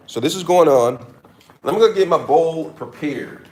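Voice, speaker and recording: A man's voice: mid-range voice, animated, normal speed, darkish tone. A man doing a casual cooking demo in his kitchen, hamming it up with mock-serious tips and repeated catchphrases. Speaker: cooking vlogger. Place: home kitchen.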